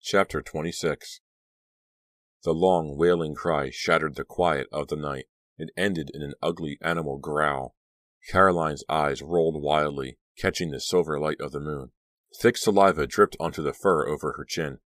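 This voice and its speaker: A man narrating a horror audiobook in a steady, measured way. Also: very deep voice, no echo, studio quality.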